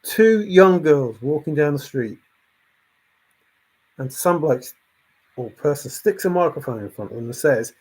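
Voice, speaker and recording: A man's voice, slightly higher than most and a little husky, carries a casual opinion rant. He sounds exasperated and animated, circling back to the same points again and again. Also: a little slow, long pauses. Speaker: channel host.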